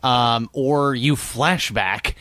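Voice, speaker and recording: A man's voice: mid-range voice, drawn-out words, fairly bright tone, dry recording. A man co-hosting a casual movie podcast, cracking dry, wry quips. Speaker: podcast co-host. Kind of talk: casual movie-discussion chat.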